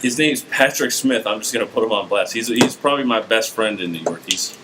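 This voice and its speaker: A man co-hosting a podcast, talking in a loose and rambling way and dropping quiet on his asides. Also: lowish voice, a little fast, heavy background noise. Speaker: podcast co-host. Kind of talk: casual podcast chat.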